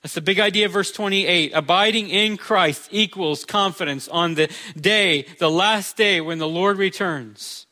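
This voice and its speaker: Man, pastor, preaching a sermon, chatty and joking, raised pitch, crisp bright tone. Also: measured pace, few pauses. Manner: conversational preaching with humor.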